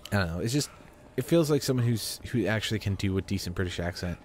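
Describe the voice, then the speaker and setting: A man's voice: lowish voice, lively intonation, fast, slight background noise. A man giving chatty, rambling commentary while he plays a video game, often talking to himself. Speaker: gamer. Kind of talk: let's play commentary.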